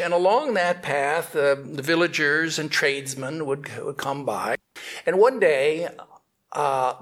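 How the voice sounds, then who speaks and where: A man giving a spiritual teaching and telling a story, halting often and restarting his phrases. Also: a little high, a bit bright.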